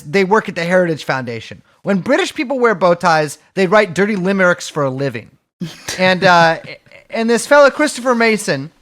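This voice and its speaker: A man's voice: high voice, a bit bright. A man co-hosting a podcast, talking casually with a sardonic, swearing edge. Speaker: podcast co-host.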